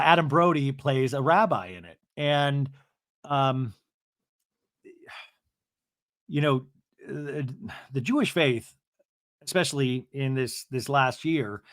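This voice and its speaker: A man's voice: mid-range voice, no room sound, clean studio sound. A man hosting a casual TV recap podcast, rambling and thinking aloud with many restarts. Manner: rambling, lots of you-knows and restarts. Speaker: podcast host.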